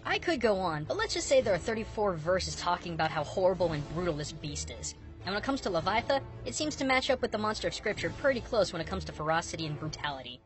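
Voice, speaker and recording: A woman's voice: on the low side, sing-song, fast. A woman hosting a scripted video, narrating in an upbeat, playful way, with music behind her. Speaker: video host.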